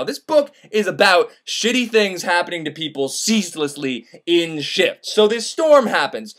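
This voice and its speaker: A man's voice: high voice, sing-song, measured pace, hardly any pauses, fairly bright tone. A young man retelling a classic novel as casual comedy, rambling and profane, with lots of fillers. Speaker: host.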